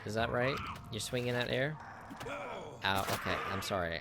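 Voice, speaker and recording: A man's voice: on the low side, normal speed, loud music behind the voice. A man chatting casually through a video game, joking with the enemies he fights. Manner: chatty, jokes with on-screen enemies. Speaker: gameplay streamer. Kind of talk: casual gameplay commentary.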